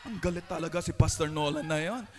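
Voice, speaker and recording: A young adult male pastor with a Filipino accent talks fast in a fairly high voice, delivering a passionate sermon. It builds up to shouting, and he slips into Tagalog along the way.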